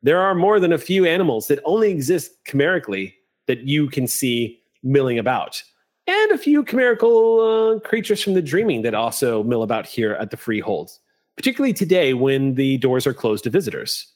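A man narrating a tabletop role-playing game as game master, describing scenes in an unhurried way with the odd curse. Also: medium pitch, sing-song.

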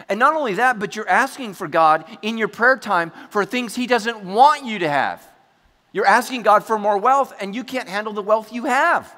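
A man preaching a sermon to his congregation, chatty and joking, acting out quick asides as he goes. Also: high-pitched, sharp tone. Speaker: pastor. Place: church hall before a congregation. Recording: large hall with long reverb.

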